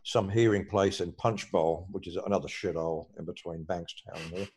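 An older Australian man tells stories in a low, unhurried voice, full of swearing and filler words. His delivery wanders loosely from point to point. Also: steady tone, darkish tone, breathy edge. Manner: rambling, swears freely, hesitant fillers. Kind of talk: casual chat.

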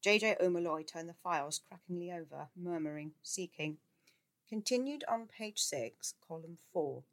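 Woman, low voice, reading a book aloud, lively with character voices. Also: moderate pace. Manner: expressive, shifts into voices for characters. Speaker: audiobook reader.

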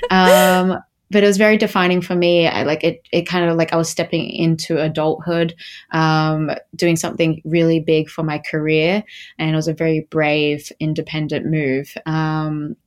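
A woman's voice: sits low, flat delivery, normal speed. A young Australian woman from Melbourne, chatting as an interview guest with lots of fillers and restarts. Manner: chatty, many fillers and restarts, laughs easily. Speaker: guest, model. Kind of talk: casual interview chat.

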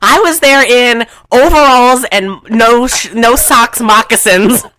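Brief: woman podcast co-host, casual rambling chat, bright tone, giggly delivery. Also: fairly high pitch, slow pace.

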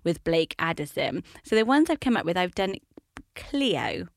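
A woman's voice: on the low side, very animated, normal speed, dry recording, studio quality. A woman co-hosting a podcast, talking enthusiastically and thinking aloud with the odd um. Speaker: podcast co-host. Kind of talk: casual podcast chat.

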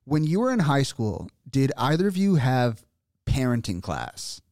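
Man, from small-town Ontario, comedian guest, deadpan, crude jokes, dry close sound. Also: mid-range voice, unhurried, dry recording. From small-town Ontario, Canada. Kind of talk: casual comedic chat.

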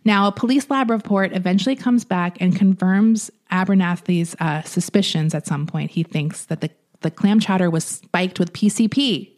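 A woman hosting a podcast, casually retelling a story from a book, pausing and restarting as she goes. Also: lowish voice, a little mellow. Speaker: podcast host.

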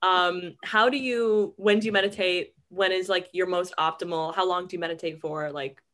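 A woman talking casually on a podcast, upbeat and quick to laugh, asking questions. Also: lowish voice, fairly even intonation, a bit bright. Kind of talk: casual chat.

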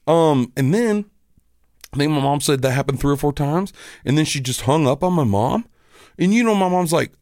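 A man's voice: high voice, darkish tone, no room sound, clean studio sound. A man hosting a podcast, ranting casually and with irritation, with some swearing. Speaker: podcast host.

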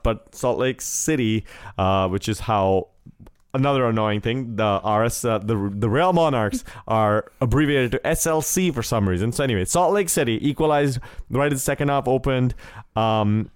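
A man's voice: mid-range voice, clear, resonant tone, no room sound, studio quality. Joking man hosting a soccer podcast. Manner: rambling, jokey, many fillers. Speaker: podcast co-host. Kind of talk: casual soccer podcast chat.

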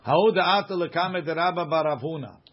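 A man teaching a Talmud class, reading passages aloud and quickly explaining them in English with everyday examples. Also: fairly high pitch, muffled recording.

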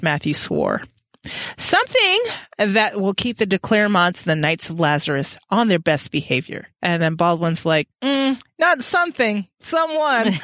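Animated woman reading aloud and quipping. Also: fairly low pitch, no echo. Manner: animated, laughs often, reads aloud and quips. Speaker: podcast host. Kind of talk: casual book-club chat, reading passages aloud.

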